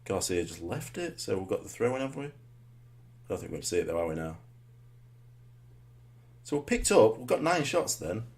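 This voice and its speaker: A low-pitched man talks through his football match as he plays it. His voice swings widely, from grumbling under his breath to yelling, and he keeps asking himself rhetorical questions. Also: brisk, long pauses. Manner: muttered rhetorical asides with sudden excited shouts. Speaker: gamer commentating his own match. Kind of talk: live gameplay commentary.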